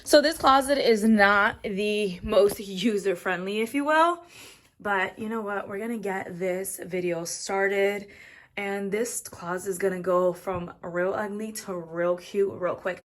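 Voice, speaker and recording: A young woman chats her way through a walk-in closet at home, casual and slangy, tossing in the odd Spanish phrase. She sounds a little out of breath as she moves around. Her voice sits at an ordinary middle pitch. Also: unhurried. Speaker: vlogger. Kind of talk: casual chat.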